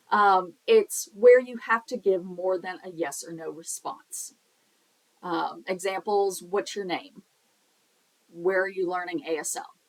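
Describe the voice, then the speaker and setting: In a low-quality recording, a young woman with a fairly low-pitched voice teaches a sign language lesson. She keeps it casual and chatty, explaining through examples and dropping in the occasional filler.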